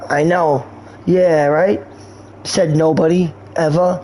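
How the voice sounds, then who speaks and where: Brief: rambling slangy male streamer, high voice, faint background noise. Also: steady tone, takes it slowly, warm tone. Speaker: game streamer. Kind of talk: rambling casual stream talk.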